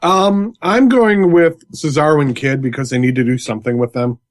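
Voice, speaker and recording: A man's voice: fairly high pitch, steady tone, normal speed, no room sound. Joking man on a podcast. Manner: jokey, teasing. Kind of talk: casual podcast banter.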